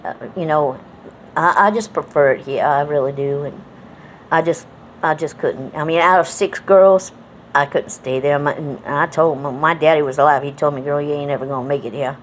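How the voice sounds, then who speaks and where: Woman, low voice, mixed Southern and New England accent, rambling folksy storytelling, faint background hiss. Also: moderate pace. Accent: mixed Southern and New England American. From New England, United States. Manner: rambling, folksy, many fillers and restarts. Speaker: vlogger. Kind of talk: casual reminiscing monologue.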